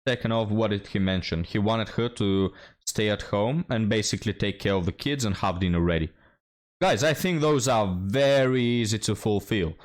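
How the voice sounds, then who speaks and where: Blunt, mocking man with a low voice. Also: normal speed. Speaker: commentary host. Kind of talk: reaction commentary.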